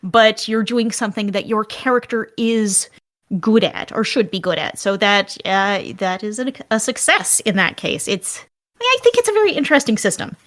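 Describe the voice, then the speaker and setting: A woman's voice: mid-range voice, sing-song, normal speed, a bit bright, no room sound, studio quality. A woman running a tabletop game as game master, narrating scenes and explaining rules in a rambling, thinking-aloud way.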